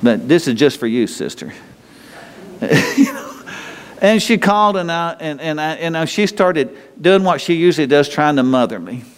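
A man with a slightly high voice preaching a sermon. He talks to the congregation in a loose, conversational way, restarting phrases and chuckling, and his voice rings with a long hall reverb. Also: lively intonation, normal speed, clean tone. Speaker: pastor.

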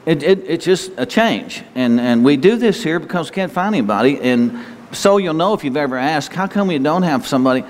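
Older male pastor, folksy rambling sermon, lively sing-song delivery, church hall echo. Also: a little high, a little fast. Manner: folksy, rambling, with asides and restarts. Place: church sanctuary. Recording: long hall reverb.

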